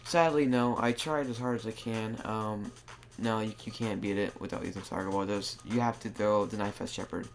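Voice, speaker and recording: A man's voice: fairly low pitch, fairly even intonation, normal speed, soft background music. A man giving casual, rambling commentary over his gameplay, often restarting his sentences. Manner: rambling, with frequent restarts and filler words. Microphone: new desktop microphone.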